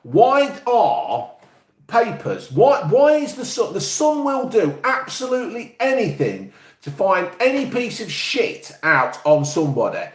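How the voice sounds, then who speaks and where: A man's voice: high-pitched, wildly swooping pitch, measured pace, echoey room. A man from the East Midlands hosting a live stream, reading viewer comments in a blunt, jokey, sweary way. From England, East Midlands.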